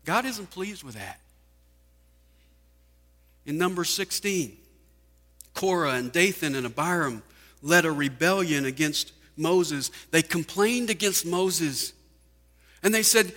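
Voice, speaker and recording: A man's voice: high-pitched, slow, bright, forceful tone. A man preaching a sermon, firing off rhetorical questions with emphasis. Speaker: pastor. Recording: hall reverb.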